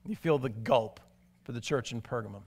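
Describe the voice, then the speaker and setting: A man preaching a sermon, telling stories animatedly and moving from excited to hushed and grave. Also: mid-range voice, fairly quick. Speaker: pastor.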